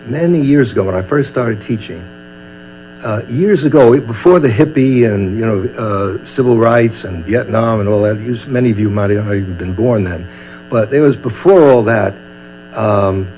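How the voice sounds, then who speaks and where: In a low-quality recording with faint mains hum, an older man from Brooklyn gives a chatty, humorous dharma talk as a meditation teacher, acting out little scenes. His mid-range voice is a little mellow.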